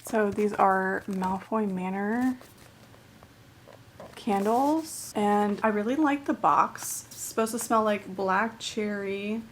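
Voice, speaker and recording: A young woman chatting casually as a book vlogger, gushing and filling her talk with "like", sometimes dropping to a soft near-whisper. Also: mid-range voice, slow, a little hiss or hum. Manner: gushing, chatty, many "like" fillers. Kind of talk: casual chat.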